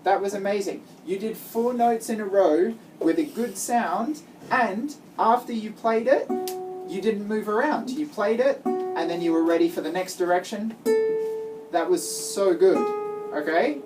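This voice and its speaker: A woman patiently teaches a child guitar in a private lesson, explaining each step and praising generously. Her voice is mid-range and she speaks a little slowly, recorded on a distant mic alongside guitar playing.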